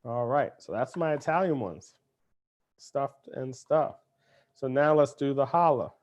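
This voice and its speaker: With a mid-range voice and lively intonation, this father speaks a little slowly as he hosts a live children's cooking lesson. He's chatty and upbeat, addressing the kids and their parents head-on.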